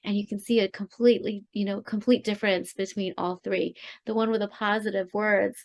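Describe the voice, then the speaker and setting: Female co-host, mid pitch, halting and searching delivery full of fillers. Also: little pitch movement. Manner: halting, many ums and restarts. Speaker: podcast host. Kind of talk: casual chat.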